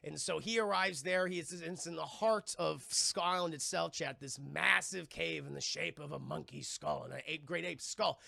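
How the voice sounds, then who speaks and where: A male streamer whose voice is heavily gravelly and creaky, pitched high and bright. He retells a film in an animated, profane, chatty way and keeps talking to his chat. The sound is close and dry. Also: normal speed, hardly any pauses, no room sound. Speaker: live streamer and film reviewer. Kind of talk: casual scene-by-scene film retelling.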